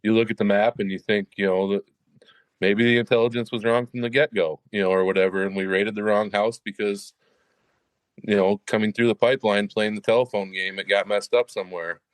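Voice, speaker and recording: A man's voice: on the low side, fairly even intonation, brisk, dry recording. A man, a military veteran, talking on a podcast in a rambling way, full of fillers. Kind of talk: casual podcast conversation.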